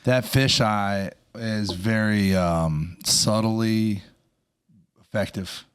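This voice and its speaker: A man with a fairly low voice chats about a film as a podcast co-host. He sounds laid-back and easily amused. His voice comes across dry and close, with little room sound. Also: steady tone, extremely slow, clean tone, no room sound. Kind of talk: casual movie discussion.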